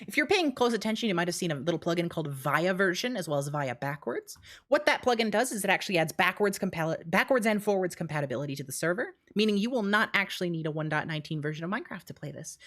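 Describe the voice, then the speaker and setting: Breathless, excited young woman streamer. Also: fairly low pitch. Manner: animated, rushing, laughs between phrases. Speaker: streamer and game mode developer. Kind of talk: excited live-stream walkthrough.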